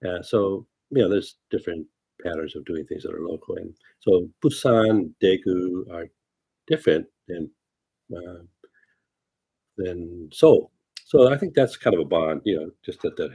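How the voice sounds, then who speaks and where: A man's voice: low voice, animated, normal speed, gravelly, dark tone, breathy edge. A man talking as a fortune teller on a casual livestream, rambling loosely with many fillers and asides. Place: lives in California.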